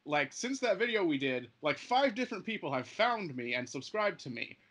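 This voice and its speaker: A young man co-hosting a casual podcast chat, rambling deadpan and often cutting himself off mid-sentence. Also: fairly high pitch, moderate pace. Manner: rambling, deadpan, self-interrupting. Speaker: channel co-host.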